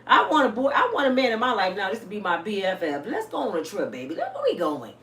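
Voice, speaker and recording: A woman in her fifties talking casually and bluntly to her viewers, telling stories with salty, animated energy. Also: mid-range voice, quick pace. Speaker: vlogger. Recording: roomy, a bit distant, faint hiss.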